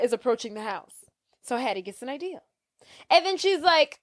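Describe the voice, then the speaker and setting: Woman co-host, casual film recap, bit high-pitched, acts out the characters' lines, dry recording. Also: big pitch swings, normal speed, no room sound. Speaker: podcast co-host. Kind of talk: casual movie recap chat.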